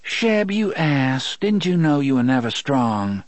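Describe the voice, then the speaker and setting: A man's voice: medium pitch, sing-song, slow pace, no echo, voice pushed up. A man voicing a blunt, weary woman, speaking in a slightly raised, matter-of-fact voice.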